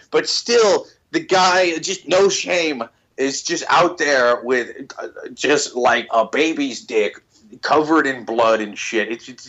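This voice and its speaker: A man's voice: mid-range voice, fairly bright tone. A man on a podcast, rambling profanely with many restarts in casual banter. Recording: slightly dull lo-fi sound.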